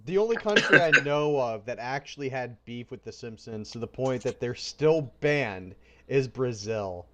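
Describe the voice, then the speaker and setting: A man hosting a casual podcast, talking in animated banter with frequent fillers. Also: medium pitch, a crowd in the background. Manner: animated, laughs often, drawn-out fillers. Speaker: podcast host.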